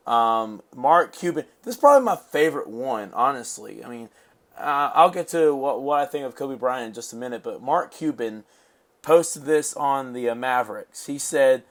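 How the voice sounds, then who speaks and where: A man's voice: mid-range voice, animated, moderate pace. Agreeable man hosting a sports chat. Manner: agreeable, reads posts aloud. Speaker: host. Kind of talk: casual sports talk.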